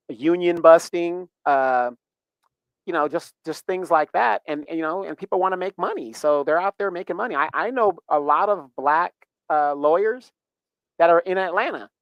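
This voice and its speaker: A man's voice: a little high, dry recording, poor audio. A man talks over a dry, close mic in a casual livestream. He rambles through his points and punches up his questions with emphasis. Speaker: livestream host. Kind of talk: casual commentary.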